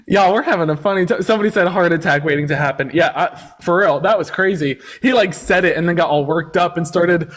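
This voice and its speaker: A man hosting a casual livestream debate. His voice sits a bit high, and his delivery is teasing and sarcastic. He scolds callers in a mocking, talking-down tone. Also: a little fast, fairly bright tone.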